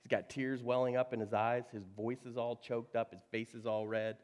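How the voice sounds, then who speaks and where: A man preaching a sermon, telling a story with lively asides, quoted voices and laughs. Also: medium pitch, moderate pace. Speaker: pastor.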